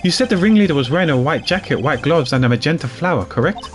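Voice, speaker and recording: A man voicing a composed male prosecutor, reading game dialogue in a measured, formal way. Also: fairly high pitch, lively intonation, faint music behind, natural voice.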